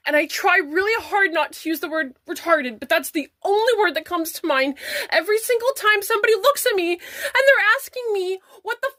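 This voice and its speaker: A woman's voice: very high-pitched, lively intonation, bright, forceful tone, no room sound. A young adult woman angrily venting to camera, swearing and close to tears. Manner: angry, profane, fast venting. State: tearful. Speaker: parent vlogger. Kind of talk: emotional rant to camera.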